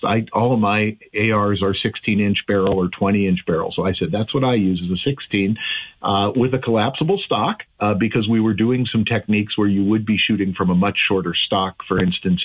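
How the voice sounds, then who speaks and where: Husky-voiced man on a tinny phone line. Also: on the low side. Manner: rambling, many restarts and fillers, chuckles at himself. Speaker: radio show firearms expert. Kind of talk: casual radio talk.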